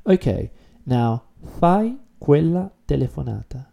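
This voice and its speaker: Man, language teacher, very dark mellow tone, patient explaining style for a beginner video lesson. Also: on the high side, very animated, gravelly, muffled recording. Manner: explanatory, repeats key words slowly.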